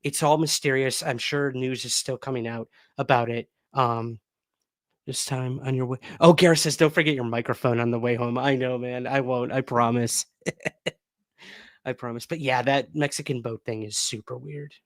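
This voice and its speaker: A man's voice: medium pitch, fairly even intonation, normal speed, no echo. Chatty male livestream host, dry sound. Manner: chatty, reads viewer comments aloud. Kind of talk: casual livestream chat.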